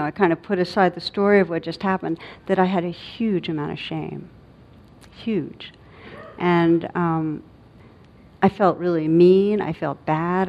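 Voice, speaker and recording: A middle-aged woman, a meditation teacher, giving a dharma talk in a reflective, halting way with many pauses and fillers. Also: fairly low pitch. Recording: dull lo-fi recording.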